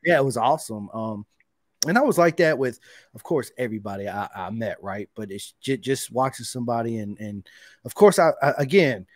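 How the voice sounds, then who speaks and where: An excitable, chatty man hosts a casual podcast interview, tossing in "dude" and "man" all the time. His voice sits at an ordinary middle pitch. The recording is close and dry, with no room sound. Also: brisk, no echo. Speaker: podcast host.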